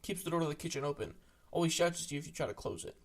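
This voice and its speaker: Brief: deadpan storyteller, mid-pitched voice, reads dark internet stories with a straight face and plenty of swearing. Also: rapid-fire. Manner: deadpan, matter-of-fact, casual swearing. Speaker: narrator of internet greentext stories. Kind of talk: reading internet stories aloud.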